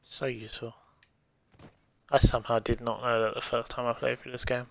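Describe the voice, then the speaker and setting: A man's voice: medium pitch, level tone, moderate pace, creaky, a bit bright, a little hiss or hum. A man casually commentating his own gameplay on a stream, thinking aloud and swearing freely. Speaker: game streamer.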